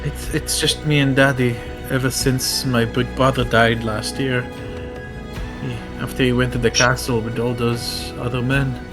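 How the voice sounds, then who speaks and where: A man's voice: level tone, measured pace, over music, natural voice. A man voicing a frightened little girl who stammers and pleads. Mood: frightened, stammering. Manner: high, stammering, pleading child voice.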